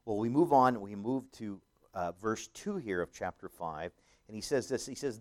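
Emphatic preacher man, low voice. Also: measured pace. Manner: emphatic, with dramatic swells on scripture quotes; rambling with frequent fillers and restarts. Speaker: pastor. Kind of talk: sermon.

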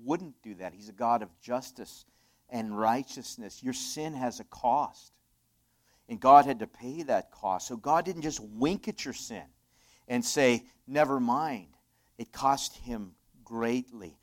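A man preaches in an earnest, conversational way at a middle pitch. He builds to loud, emphatic swells on key phrases, then drops to hushed, intimate asides to his listeners. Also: slow pace. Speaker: pastor. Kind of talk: sermon.

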